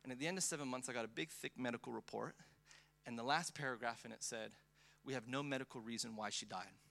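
A man preaching a sermon, moving from quiet storytelling about his loss into impassioned preaching. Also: medium pitch, fast talker, gravelly. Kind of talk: sermon testimony.

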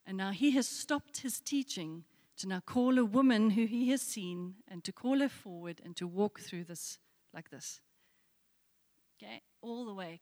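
A woman's voice: medium pitch, darkish tone. Woman preaching in a reverberant hall. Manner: storytelling with repeated rhetorical questions. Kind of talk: sermon.

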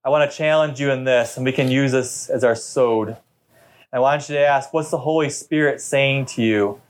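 A man's voice: mid-range voice, normal speed. A middle-aged man, a pastor, preaching a sermon in a chatty, storytelling way during a church service. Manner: conversational storytelling preacher, talkative.

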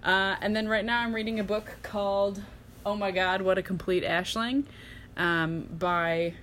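A woman's voice: medium pitch, fairly even intonation, a little slow, a crowd in the background. A woman in a casual podcast chat, rambling through what she has been reading and watching, with laughter and dry sarcastic asides. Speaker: podcast co-host.

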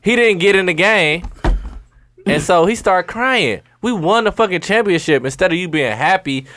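A man's voice: high voice, expressive, moderate pace, pushed and bright, a little hiss or hum. A man on a casual podcast, telling a blunt, slangy story about coaching. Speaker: podcast co-host and youth basketball coach.

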